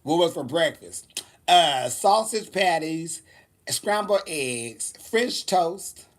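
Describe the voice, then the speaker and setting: Sassy, lively man vlogging. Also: a little high, takes it slowly. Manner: sassy, animated, laughs often. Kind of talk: casual storytelling vlog.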